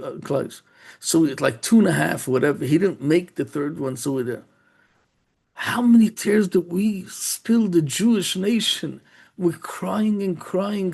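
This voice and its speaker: Gravelly, husky-voiced rabbi telling a story. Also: male voice, sits high, a little mellow. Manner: halting, many restarts and repeated words. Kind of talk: sermon storytelling.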